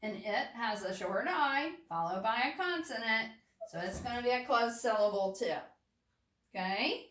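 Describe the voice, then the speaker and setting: Woman, first grade teacher, patient and deliberate, roomy distant recording. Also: fairly high pitch, expressive, a bit bright, a little hiss or hum. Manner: slow, patient, checks in with "okay?" often. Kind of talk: recorded phonics lesson for young children.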